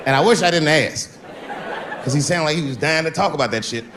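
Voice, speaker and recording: Over a very noisy crowd and bursts of audience laughter, a comedian with a fairly high voice tells stories at a brisk clip. He's animated, shifting into different voices to act out each person in his stand-up tales.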